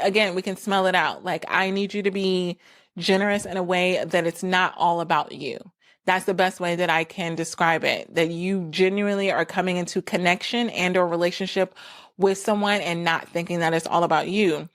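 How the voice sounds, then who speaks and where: A woman's voice: on the low side, steady tone, brisk, fairly bright tone. A woman talking casually on her own, full of "like" fillers, who acts out what other people said. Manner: chatty, frequent "like" fillers, acts out quoted people. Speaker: podcast host. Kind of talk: casual solo talk.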